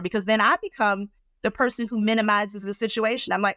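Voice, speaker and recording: A woman counselor speaking in a conversational interview, animated and acting out other people's reactions as she explains. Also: fairly high pitch, a little fast, no room sound. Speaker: guest counselor.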